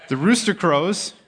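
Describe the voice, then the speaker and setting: A man from Tennessee, a pastor preaching a sermon in an animated, joking storytelling manner. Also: high voice, breathy edge.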